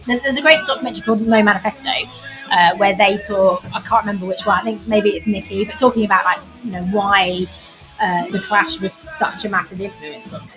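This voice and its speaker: A woman's voice: medium pitch, steady tone, fairly quick. Enthusiastic woman chatting about music. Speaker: podcast co-host. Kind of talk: casual chat.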